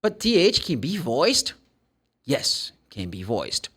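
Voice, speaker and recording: A man with a Brazilian Portuguese accent teaches English pronunciation. His pitch rises and falls widely as he explains. He models the sounds himself and acts out the questions students ask. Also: wildly swooping pitch, slow, fairly bright tone, slightly rough. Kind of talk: pronunciation lesson.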